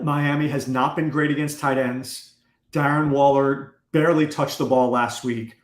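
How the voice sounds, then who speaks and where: A man hosting a fantasy football talk, asking pointed questions in a quick, wry way. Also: mid-range voice. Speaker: fantasy football podcast host. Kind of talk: casual analytical chat. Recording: echoey room.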